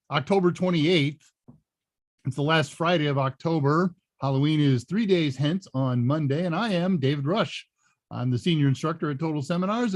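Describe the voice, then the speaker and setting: A man's voice: a little high, darkish tone, no echo, clean studio sound. Rambling man hosting a live Q&A. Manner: rambling, chuckling asides. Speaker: host and senior instructor. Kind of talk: casual livestream Q&A chat.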